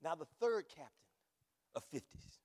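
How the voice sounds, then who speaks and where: A man preaching a sermon from the pulpit, repeating words emphatically and rising to shouts. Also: fairly high pitch, sing-song, moderate pace, slightly rough, long reverb tail. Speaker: pastor. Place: church sanctuary.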